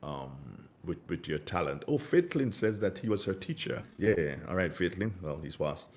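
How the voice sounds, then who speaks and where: Animated Grenadian man on the radio. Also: sits low, moderate pace, slight background noise. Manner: animated storyteller with Caribbean colloquial phrasing. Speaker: radio host. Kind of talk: casual radio chat, greeting listeners and telling stories. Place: radio studio.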